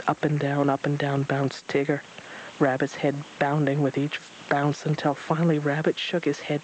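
A man narrating a storybook in a steady, expressive reading. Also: fairly high pitch, normal speed, slight background noise, low-quality recording.

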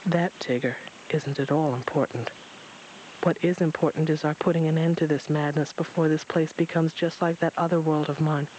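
A weary stranger leaning on a cane, sighing through his words, played by a man. His voice sits a touch high and plain. He sounds tired of the world around him. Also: fairly even intonation, moderate pace, a little mellow, slight background noise, close to an everyday voice, low-quality recording.

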